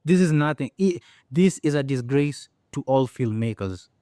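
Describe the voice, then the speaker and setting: A young man tearing into a film with a blunt, mocking, exasperated delivery. His mid-pitched voice sounds close and dry, with no room echo. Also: expressive, normal speed, dark tone. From Kenya. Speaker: film reviewer. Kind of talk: ranting movie review.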